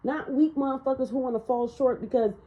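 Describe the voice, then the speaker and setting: A woman's voice: sits high, steady tone, fairly quick, highs cut off. A woman giving a casual spiritual tarot reading in a blunt, ranting manner, swearing freely. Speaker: tarot reader.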